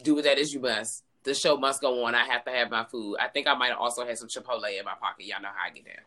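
A woman co-hosting a casual chat, telling quick swearing stories. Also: very deep voice, fairly even intonation, sharp tone. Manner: fast, laughing, swears freely. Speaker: podcast co-host.

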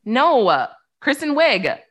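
A young woman co-hosts a podcast, chatting casually in a high voice with big pitch swings and a slow pace. She's giggly and chatty, using lots of fillers.

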